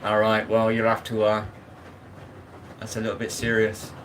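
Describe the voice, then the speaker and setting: A man's voice: lowish voice, monotone, moderate pace, fairly bright tone, a little hiss or hum, low-quality recording. A man chatting bluntly with his live chat while washing up, often asking if you know what he means. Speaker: live streamer. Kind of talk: casual live-stream chat.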